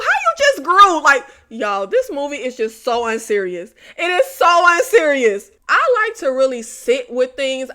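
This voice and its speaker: A young woman hosts a casual horror review vlog, talking straight to her viewers. Her high, bright voice stays animated, and she laughs and swears freely.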